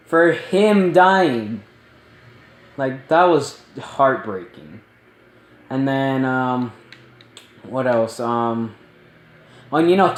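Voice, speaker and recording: Man, casual movie review, rambling, excitable, slightly high voice, echoey room. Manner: rambling and excitable, many ums and likes. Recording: roomy echo.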